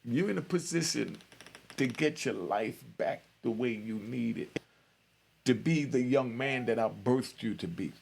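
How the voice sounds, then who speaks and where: A man doing a pleading mother, gravelly. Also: medium pitch, unhurried, a little mellow, slight background noise. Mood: tender, pleading. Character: loving, pleading mother, a middle-aged woman.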